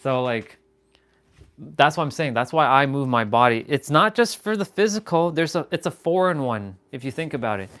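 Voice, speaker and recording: A man hosting a fitness livestream, talking in a casual, animated, rambling way and swearing freely. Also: medium pitch, moderate pace. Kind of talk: casual motivational livestream talk.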